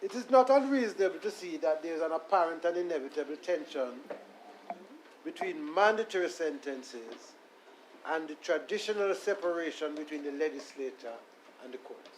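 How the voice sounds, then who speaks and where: Lawyer arguing before judges. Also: male voice, fairly high pitch, lively intonation, slight background noise, low-quality recording. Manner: deferential, measured, reads submissions aloud. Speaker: defense attorney. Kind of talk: courtroom legal argument. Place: courtroom.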